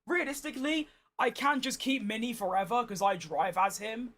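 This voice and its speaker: Streamer, man, high-pitched, croaky and worn out, chatty, swearing, exasperated. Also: moderate pace, a bit bright. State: hoarse, tired. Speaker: gaming streamer. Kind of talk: casual gameplay commentary.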